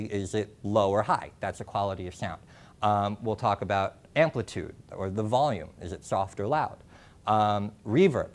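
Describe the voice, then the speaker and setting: Young male workshop presenter, lowish voice, halting lecture delivery with frequent fillers. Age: young adult. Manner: halting, many ums and restarts. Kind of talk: classroom lecture. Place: classroom. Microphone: lapel mic.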